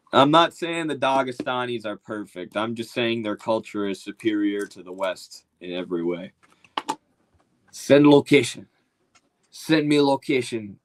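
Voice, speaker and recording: A man's voice: on the low side, poor audio. A man giving casual opinion commentary in a loose, slangy, mocking way. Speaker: political commentator.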